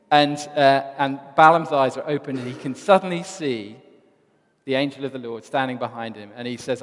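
A man preaching in a reverberant church, his voice on the higher side as he retells old stories with animated storytelling. The long echo trails after each phrase. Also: normal speed. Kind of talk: sermon.

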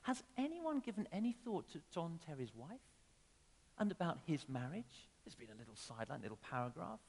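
A man delivering a sermon in a slightly higher voice than most men. He swings between emphatic, raised phrases and quiet asides. The sound rings with the long reverb of a church hall. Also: very animated, fairly quick, vocal fry, slightly rough. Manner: conversational with emphatic rises and sudden drops. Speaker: preacher.

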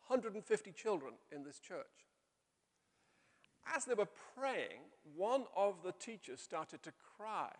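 A middle-aged male pastor preaching a sermon, telling stories and slowing down to stress key phrases. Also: a little high. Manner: storytelling with slow emphatic pauses. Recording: long hall reverb.

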